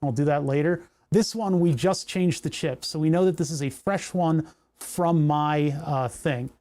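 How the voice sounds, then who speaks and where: A man's voice: a little high, measured pace, darkish tone. A young man hosting a livestream, talking through electronics troubleshooting, muttering and swearing as things go wrong. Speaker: livestream host. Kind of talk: casual livestream electronics tinkering.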